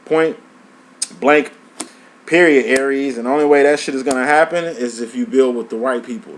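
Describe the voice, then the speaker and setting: A man's voice: moderate pace, slight background noise. A man giving a casual tarot reading, profane and emphatic, full of streetwise slang. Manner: animated, pitch jumps up and down. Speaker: tarot reader.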